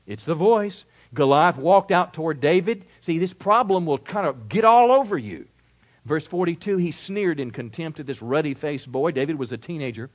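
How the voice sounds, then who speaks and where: A male pastor preaching a sermon emphatically, moving between loud declarations and quieter asides. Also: on the high side, expressive, normal speed.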